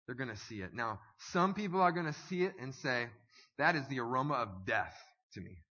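A man preaching a sermon as pastor, swinging from hushed, slow lines to loud, stirring calls. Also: mid-range voice, animated, slightly rough. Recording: dull audio with long hall reverb.

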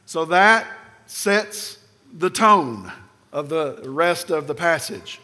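A man preaching a sermon as pastor, emphatic, often sinking low and quiet at the ends of phrases. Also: expressive, takes it slowly. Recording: long hall reverb.

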